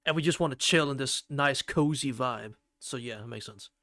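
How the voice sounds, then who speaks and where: A man's voice: mid-range voice, moderate pace, pushed and bright, no echo, studio quality. A man streaming a game and chatting casually with viewers, playful and rambling, swearing now and then. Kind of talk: casual chat while playing a game.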